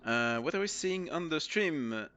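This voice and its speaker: A man's voice: fairly high pitch, expressive, a little slow, bright, forceful tone, slight background noise. A man with a French accent giving tired, rambling live commentary on a game match late at night, with many fillers. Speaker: esports caster.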